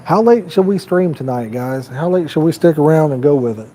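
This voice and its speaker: A man's voice: fairly high pitch, animated, fairly quick, dark tone, a little hiss or hum, low-quality recording. A man hosting a fishing livestream outdoors by a pond, chatting loosely and rambling to his viewers. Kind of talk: casual live-stream chat.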